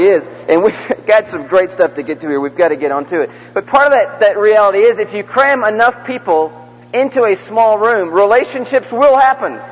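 A man's voice: high voice, slight background noise. A male preacher leading a large church crowd in call-and-response during a sermon, coaxing them section by section. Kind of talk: interactive sermon. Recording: dull echoey hall recording from the mic.

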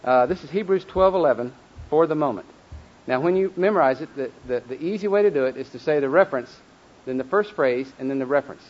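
A man teaching a group how to memorize Bible verses, leading call-and-response drills and slowing down to stress each word, with folksy asides. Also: fairly high pitch, lively intonation, muffled recording. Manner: leads call-and-response drills, slows and stresses words when reciting.

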